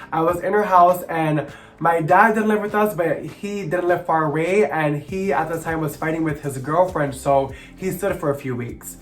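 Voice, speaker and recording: Sassy young man with a higher voice. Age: about 20. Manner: sassy, expressive, dramatic. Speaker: vlogger. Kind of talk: personal storytelling.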